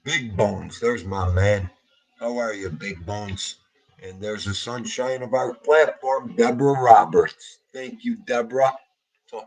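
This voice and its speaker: A man's voice: mid-range voice, low-quality recording. A middle-aged man hosting a livestream, grieving and tearful as he greets viewers by name in a heartfelt way. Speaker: livestream host.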